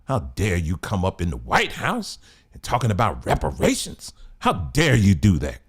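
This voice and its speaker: A man voicing a smug male party insider who condescendingly hushes and scolds people. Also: low voice, wildly swooping pitch, normal speed, breathy edge, full character voice.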